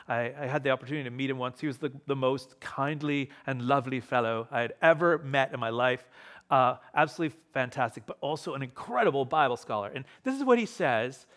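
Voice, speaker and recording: A man preaching a sermon as pastor to a live congregation in church, emphatic, repeating key phrases and shifting pace and loudness. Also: mid-range voice, quick pace.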